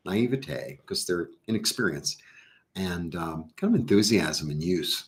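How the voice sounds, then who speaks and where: A man with a very low voice talks his way through a casual live tarot reading. He is middle-aged and rambles, breaking off into lively little asides. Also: unhurried. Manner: chatty, rambling, animated asides. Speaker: tarot reader.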